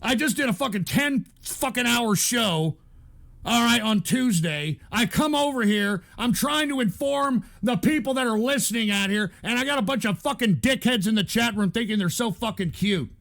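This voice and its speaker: A man's voice: very high voice, expressive, moderate pace, creaky, a bit bright. A man hosting a show, ranting angrily at his chat in a profane, stammering way, with frequent restarts. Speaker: show host. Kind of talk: angry rant at chat.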